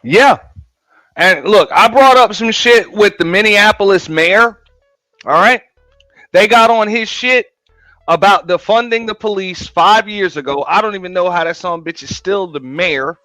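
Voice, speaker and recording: A man's voice: high voice, normal speed, bright, forceful tone, no room sound, faint music behind. A man hosting a show, giving a blunt, profane, emphatic rant in casual talk. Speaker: host. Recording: dull lo-fi, dry sound.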